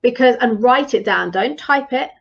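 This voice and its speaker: A woman's voice: fairly high pitch, normal speed, vocal fry, muffled recording. A woman leadership coach giving advice in a live-streamed talk, earnest and encouraging, with frequent ums and restarts.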